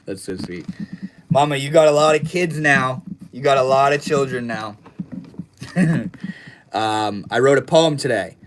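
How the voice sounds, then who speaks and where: A young man hosting a relaxed livestream, talking easily in a mid-range voice. His speech is slangy and unhurried, and he often drops to a low mumble at the end of a phrase. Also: noisy background. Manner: laid-back, slangy, trails off into low mumbles. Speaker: livestream host. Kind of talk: casual livestream chat, reading chat messages.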